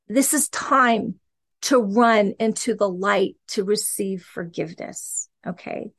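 A woman teaches scripture on her podcast in a relaxed, conversational way. She talks with animated energy and keeps checking in with her listeners. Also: fairly high pitch, measured pace. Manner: animated, conversational, frequent "okay" and "right". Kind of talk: casual Bible teaching.

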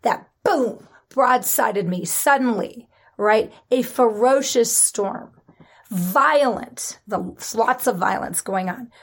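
A woman preaching a sermon in an animated, conversational way, with dramatic emphasis and laughter. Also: a little high, slow, breathy edge.

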